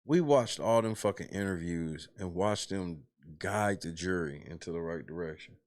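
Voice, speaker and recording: A man hosting a casual talk show, reacting to a reality show with animated, profane disbelief. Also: sits low, moderate pace. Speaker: host.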